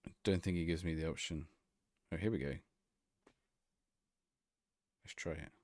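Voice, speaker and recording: A man's voice: deep voice, normal speed, darkish tone, no echo, clean studio sound. A man streaming a game live, joking around and talking to an AI voice. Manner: playful, joking, talks to the game and AI. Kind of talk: live gameplay commentary.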